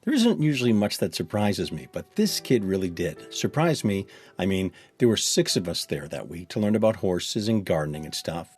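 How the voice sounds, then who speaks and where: Deep-voiced man reading a kid's story. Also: sing-song, moderate pace, darkish tone, breathy edge, soft background music. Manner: chatty, kid-like storytelling voice. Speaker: narrator. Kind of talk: first-person storybook reading.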